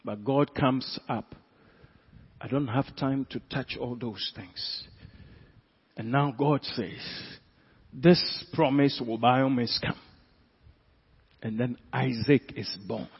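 A man with a Ghanaian accent, a pastor preaching a sermon who swings from quiet asides to loud, drawn-out emphasis. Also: mid-range voice, breathy edge. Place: church hall. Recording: echoey hall, dull lo-fi sound.

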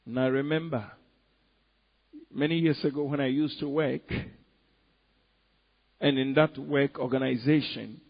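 A man preaching a sermon, moving between hushed pleading and loud, emphatic bursts. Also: mid-range voice, steady tone, unhurried, gravelly, long pauses, dull audio.

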